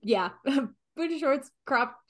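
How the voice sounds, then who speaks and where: A woman's voice: high-pitched, expressive, slow. A woman player describing her character in a tabletop game, chatty and giggly.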